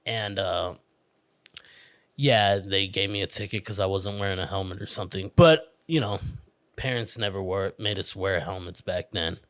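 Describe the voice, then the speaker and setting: A man's voice: low-pitched, normal speed, fairly bright tone. Rambling, profane male podcast host. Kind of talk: casual storytelling monologue.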